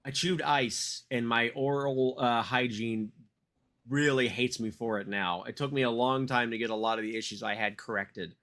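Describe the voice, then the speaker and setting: A man in his thirties co-hosting a podcast, telling a long story in loose casual chat. His voice sits at an ordinary middle pitch, and he swears freely and trails into laughs as he rambles on. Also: fairly even intonation, moderate pace, fairly bright tone. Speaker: podcast co-host.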